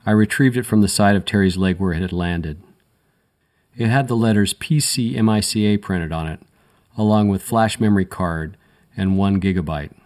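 Very deep-voiced male crime narrator. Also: a little mellow. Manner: measured, dry, matter-of-fact. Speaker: audiobook narrator. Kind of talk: first-person crime fiction narration.

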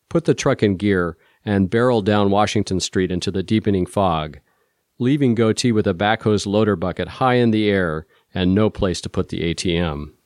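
A man with a lowish voice narrates a first-person story in a steady, measured way. He is recorded on a close studio mic with a completely dry sound. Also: no echo. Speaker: audiobook narrator.

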